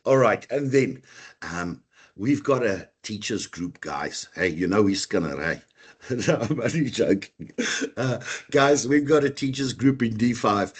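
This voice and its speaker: A husky-voiced man with a South African accent teaches a live online class. His tone is upbeat and chatty, and he calls out students by name as they join. His pitch sits at an everyday middle level. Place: online video meeting.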